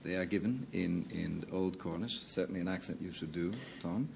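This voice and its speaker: A man's voice: low voice, normal speed, creaky, a little mellow, a little hiss or hum. A man on a TV panel game, hesitating and restarting, then bluffing with confidence. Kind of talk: casual panel-game talk.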